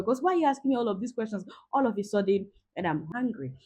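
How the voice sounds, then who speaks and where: A woman in her forties giving a lively parenting talk, acting out everyday scenes as she coaches. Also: medium pitch, fast, few pauses, breathy edge. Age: 40s. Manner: lively, acts out scenes with quoted voices.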